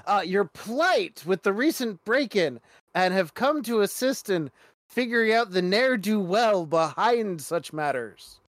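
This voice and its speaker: A woman's voice: medium pitch, animated, no echo, lightly acted. A player doing a pompous young girl superhero. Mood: grandiose. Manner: pompous heroic speech with halting fillers.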